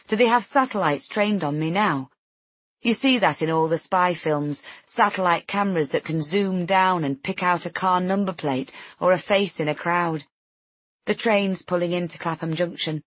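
A woman's voice: lowish voice, dry recording. A woman narrating a novel in first person, tense and introspective. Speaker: audiobook narrator.

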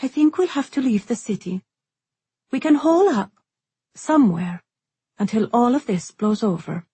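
A woman voicing a calm, weary young woman who plans carefully, speaking in a measured, resigned way, in a storybook reading. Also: fairly high pitch, slightly rough, dry recording, voice pushed up, full character voice.

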